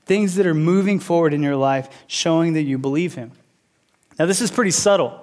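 A man in his thirties preaching a sermon, an animated storyteller who repeats phrases for emphasis. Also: a little high, fairly quick. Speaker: pastor teaching a series.

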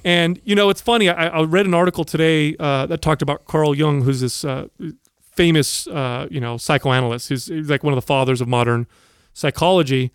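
A man with a fairly high voice tells a story on a podcast. He talks casually, animated, and acts out the people in his story. The sound is close and dry. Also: a little fast, clear, resonant tone, dry recording. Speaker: podcast co-host.

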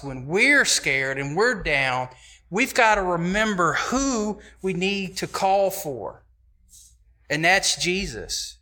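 A man's voice: sits high, sharp tone. A man preaching a sermon, talking to the congregation in a conversational but emphatic way and often repeating his phrases.

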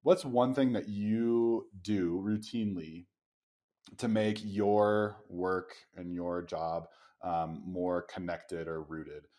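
A man hosting a podcast interview, reflective and halting as he frames his questions. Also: deep voice, fairly even intonation. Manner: warm, reflective, hesitant with many ums. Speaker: podcast host. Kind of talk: interview conversation.

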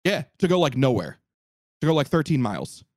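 A man telling a story in casual podcast chat, animated and profane, acting out what people said. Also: fairly high pitch, a little fast, dry recording, clean studio sound. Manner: animated, profane, acts out quotes.

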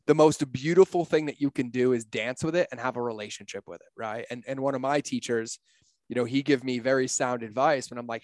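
A man's voice: medium pitch, brisk, a little mellow, no room sound. A middle-aged man talking in a casual podcast conversation, blunt, profane and emphatic, telling stories from his life. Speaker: podcast guest, entrepreneur.

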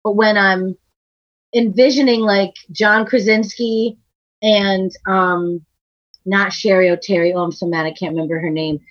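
A woman's voice: medium pitch, steady tone, unhurried, no echo. Woman co-host from Massachusetts, chatty, dry close sound, slightly dull. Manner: chatty, laughs often, slips into playful put-on accents. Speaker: podcast co-host. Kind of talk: casual chat.

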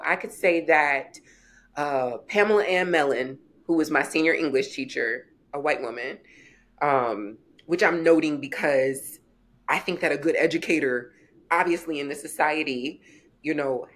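A woman in her forties, a guest author on a podcast, telling stories in a lively way and acting out quoted voices. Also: deep voice. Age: 40s. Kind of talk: podcast interview storytelling.

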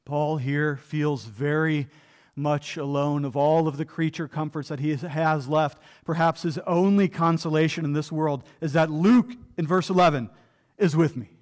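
A man's voice: fairly high pitch, steady tone, unhurried, darkish tone. A pastor preaching a sermon from the pulpit, earnest and emphatic, with rhetorical questions to his listeners. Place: church pulpit.

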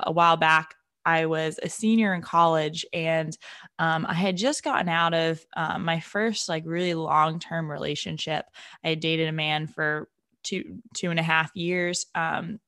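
Chatty young woman with a gravelly low voice. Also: a bit bright, dry recording, studio quality. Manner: chatty, many fillers and "like". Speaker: speaker sharing a faith testimony. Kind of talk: casual personal talk on faith and dating.

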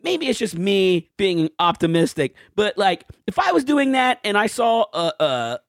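A man rants with a lively voice that swings up high when he gets worked up, swearing as he complains. The recording is dry and close, with no room sound. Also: a little slow, gravelly, no echo. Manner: animated, ranting complaints, swearing. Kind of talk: casual chat.

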